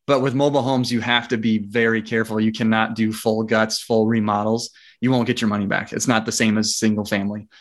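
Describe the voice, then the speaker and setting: A man, a guest in a casual interview, telling a story in a lively way, acting out the dialogue and laughing often. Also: fairly low pitch, brisk. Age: adult with young children. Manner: frequent fillers and restarts. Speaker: interview guest, property investor.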